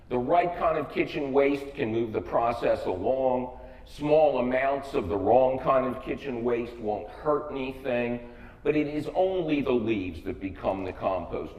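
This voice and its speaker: A man's voice: mid-range voice, darkish tone. An older American man giving a humorous public talk, with a wry, joking and emphatic delivery. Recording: echoey hall, voice from far off.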